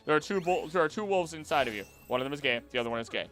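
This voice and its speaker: A man's voice: on the high side, animated, racing, fairly bright tone, faint music behind. A young man streaming a game and chatting casually with his chat, repeating himself and using many fillers.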